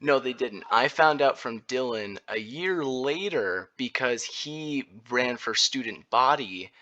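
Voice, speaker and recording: A man's voice: medium pitch, slow pace, dry recording, lo-fi sound. A young man hosting a podcast, telling stories in a casual chat and laughing often. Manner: animated storyteller, laughs often. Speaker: podcast host.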